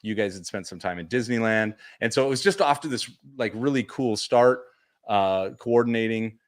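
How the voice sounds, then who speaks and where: A podcast co-host chats casually at a moderate pace, recapping convention stories. He's an animated storyteller who acts out what people said with big leaps in pitch.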